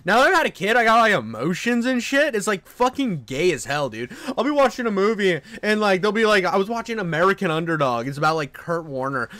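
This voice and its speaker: A young man streaming live, reacting in crude, excitable rambling commentary full of swearing. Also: high voice, a little fast, few pauses, no room sound. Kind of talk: casual livestream commentary.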